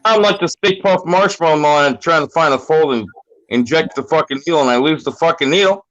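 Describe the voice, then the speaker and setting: A man's voice: fairly high pitch, fairly quick, a bit bright, no echo. A man in his fifties calling in, telling crude joking stories with lots of swearing. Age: 50s. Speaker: caller. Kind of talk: casual profane chat. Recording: dull dry call line.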